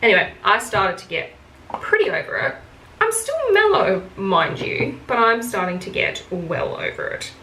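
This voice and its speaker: A beauty vlogger tells stories casually while doing her makeup in an echoey room, speaking at a mid-range pitch and normal speed. She is blunt, swears freely, and gets animated when quoting herself.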